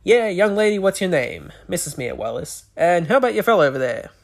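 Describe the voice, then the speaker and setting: A podcaster putting on a loud, theatrical stage voice for a quick film reference. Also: very animated, gravelly. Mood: showy. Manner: booming stage voice. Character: brash stage-voice showman quoting a film.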